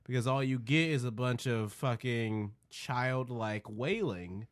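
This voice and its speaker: A man's voice: medium pitch, slow. A man on a casual podcast, swearing freely as his point heats up into a rant. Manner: profane, builds from mumbled musing to heated rant. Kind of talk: casual chat.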